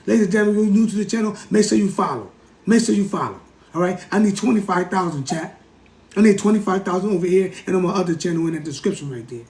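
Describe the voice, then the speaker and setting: A man hosting a livestream, lecturing in a casual, animated way, repeating himself and talking straight to his chat. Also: sits high, quick pace, roomy sound. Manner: animated, repetitive, keeps addressing the chat. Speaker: livestream host.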